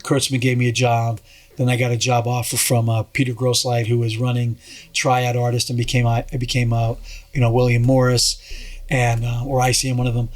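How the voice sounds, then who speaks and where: A man's voice: medium pitch, monotone, fairly quick. A man as a podcast guest, telling a rambling story in casual chat, with restarts and acted-out quotes.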